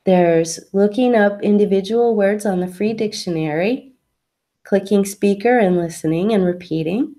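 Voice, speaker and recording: A woman's voice: mid-range voice, normal speed, dark tone. A woman English teacher giving an online lesson, patiently answering a student's question step by step with examples.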